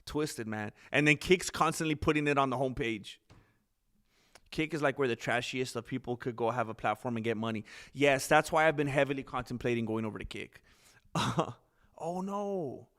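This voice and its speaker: A man's voice: mid-range voice, moderate pace, fairly bright tone. A man hosting a livestream, rambling casually and talking straight to his viewers. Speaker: livestream host reading chat.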